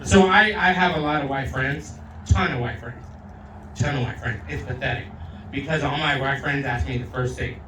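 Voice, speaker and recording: A male comedian doing a crude, rowdy stand-up set, slipping into Spanish and loud put-on voices. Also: mid-range voice, steady tone, a little fast, background noise. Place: outdoor backyard show. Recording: roomy sound from a distant mic.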